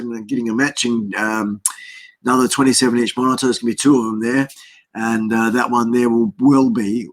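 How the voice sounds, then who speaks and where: Chatty Australian man hosting a livestream. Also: mid-range voice. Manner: rambling, chatty, lots of fillers and greetings to viewers. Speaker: livestream host. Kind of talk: casual live-stream chat. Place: home desk setup.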